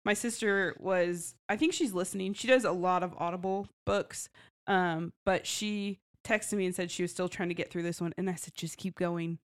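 A woman's voice: fairly low pitch, normal speed, few pauses, smooth. A woman co-hosting a book podcast, chatting casually and telling stories with easy laughs. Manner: chatty, storytelling, laughs often. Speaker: podcast co-host. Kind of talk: casual book-club chat.

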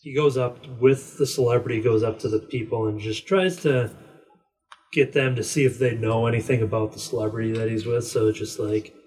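A man's voice: mid-range voice, steady tone, a little fast, a little mellow, recorded from a distance, low-quality recording. A man chatting casually as a podcast co-host, rambling through a story and acting out quotes in a raised voice. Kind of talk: casual chat.

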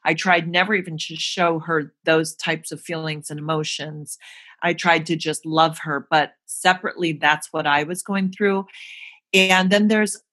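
An actress being interviewed, telling a personal story candidly and earnestly, with emotion. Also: female voice, deep voice, fairly even intonation, measured pace, a bit bright. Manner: earnest, emotional, acts out quoted voices. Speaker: guest, actress.

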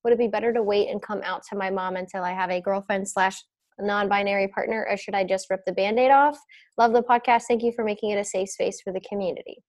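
A young adult woman hosting a casual podcast, chatting and telling stories in an animated, giggly way. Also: medium pitch, fast. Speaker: podcast host.

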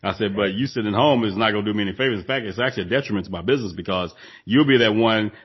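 A man's voice: lowish voice, very fast, husky, muffled recording. A man co-hosting a casual business chat, emphatic and repeating phrases for stress. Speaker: podcast co-host, former gym owner.

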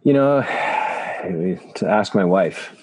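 Low-voiced man telling his story. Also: animated, a little mellow, breathy edge. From Canada. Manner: halting, many restarts and fillers. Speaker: guest, chiropractor. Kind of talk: reflective storytelling in an interview.

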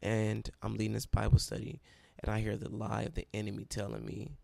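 A man's voice: fairly low pitch, a little fast, creaky, darkish tone, no room sound. A young man who leads a college Bible study, telling his own story with emotion and close to tears. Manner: emotional and self-described dramatic, near tears. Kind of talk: personal testimony storytelling.

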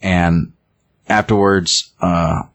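A man's voice: deep voice, fairly even intonation, very slow. A man casually retelling a film's plot, rambling, with many fillers and restarts. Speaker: storyteller retelling a film. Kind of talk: casual chat.

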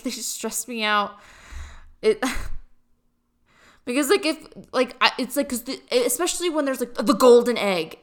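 A young woman in college chatting casually to camera, rambling and joking at her own expense with many fillers. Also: a little high. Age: young adult. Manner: rambling, self-deprecating, lots of fillers. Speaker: college student vlogger. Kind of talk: casual chat.

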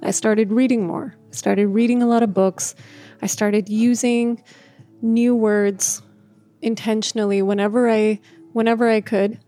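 Woman who stutters, candid and reflective, mellow tone over faint music. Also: on the high side, level tone, measured pace. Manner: stutters, with repeated words and restarts; laughs often, speaks in a gentle, reflective way. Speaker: speaker sharing a personal story. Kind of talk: reflective personal talk.

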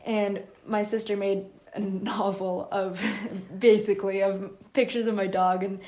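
A woman's voice: medium pitch, little pitch movement, a little slow, warm tone. A young woman co-hosting a podcast, chatting casually, giggly and rambling with many restarts. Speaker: podcast co-host. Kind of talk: casual chat.

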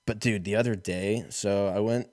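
A man's voice: fairly low pitch, steady tone, normal speed, darkish tone, no echo, studio quality. A man hosting a podcast, rambling through a casual comedic monologue full of profanity and self-mockery. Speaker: podcast host.

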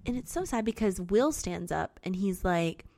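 A woman's voice: medium pitch, dry recording. A young woman co-hosting a podcast, chatting casually about a film and acting out characters' lines. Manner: chatty, animated, quick to act out characters' lines. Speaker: podcast co-host. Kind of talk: casual chat recapping a film.

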